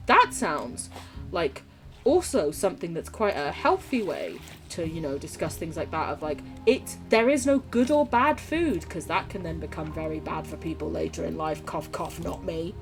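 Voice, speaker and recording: A woman's voice: low voice, big pitch swings, moderate pace, over music. A young British woman streaming a game, chatting casually with her viewers while playing. She swears freely and laughs often. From United Kingdom. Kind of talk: casual chat while gaming and reading chat.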